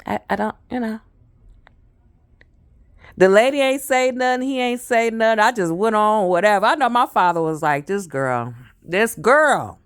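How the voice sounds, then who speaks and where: A woman telling a personal story in a casual, animated way, often repeating phrases for effect. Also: on the high side, moderate pace, pauses often, clear, resonant tone, no echo, studio quality. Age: adult.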